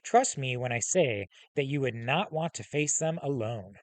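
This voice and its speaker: A man's voice: mid-range voice, lively intonation, no room sound, close to an everyday voice. Xolotl, a man reading as a hellhound guardian. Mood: formal, assured. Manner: measured, formal speech with slow, stressed titles. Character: huge scarred male hellhound, calm and commanding.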